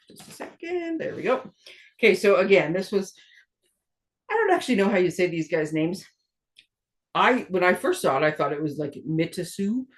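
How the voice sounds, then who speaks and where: A woman's voice: lowish voice, vocal fry. A middle-aged woman from Canada hosting a card-making tutorial, chatty and rambling, often laughing at herself. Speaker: stamping demonstrator and card-making host. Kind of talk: casual craft tutorial chat.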